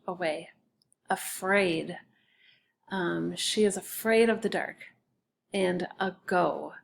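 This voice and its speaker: A woman's voice: mid-range voice, a little hiss or hum. A woman teacher giving a recorded spelling lesson for children, patiently sounding out each word by syllable.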